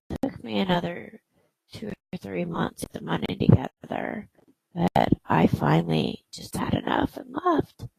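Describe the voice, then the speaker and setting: A woman host telling a personal story in a halting way, with many fillers and restarts. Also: on the low side, creaky, a little mellow, slightly rough, no echo, low-quality recording.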